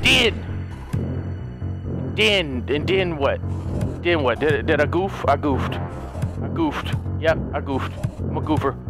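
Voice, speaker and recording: A man giving excitable let's-play commentary on a puzzle game, shouting and joking at the characters. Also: sits high, normal speed. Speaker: gaming commentator. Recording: game music behind voice.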